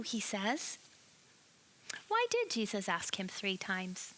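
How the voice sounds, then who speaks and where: A woman telling a Bible story to children as a church lesson, animated and expressive, asking her listeners questions. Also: on the high side, a little slow. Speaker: children's ministry teacher.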